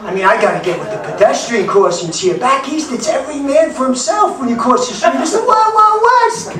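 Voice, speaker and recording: Gruff older New man doing stand-up. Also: very high-pitched, lively intonation, fairly quick, crowd noise. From New York. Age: 70s. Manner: gruff, blunt punchlines with sudden loud outbursts. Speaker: stand-up comic. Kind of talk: stand-up set. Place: comedy club in Denver. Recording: echoey club from far off, background noise.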